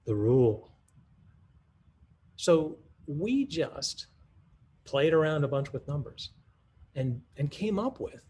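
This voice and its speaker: A man's voice: on the high side, gravelly, darkish tone, slight background noise. A man giving a conference talk that models a math lesson, in a teacherly way, thinking aloud with restarts and rhetorical questions. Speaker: math curriculum presenter.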